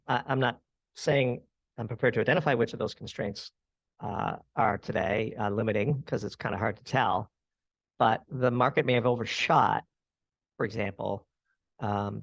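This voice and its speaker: A man's voice: mid-range voice, normal speed, gravelly, dry recording. A man as a podcast guest, giving long analytical answers in an interview. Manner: analytical, explains at length. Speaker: guest commentator.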